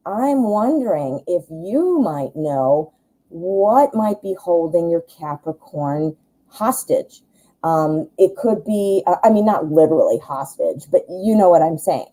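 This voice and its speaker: A woman doing a live tarot reading in a very dark, mellow, lowish voice. She talks in a chatty, reassuring way, thinking aloud with lots of ums as she lays out the cards. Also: rough recording. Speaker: tarot reader.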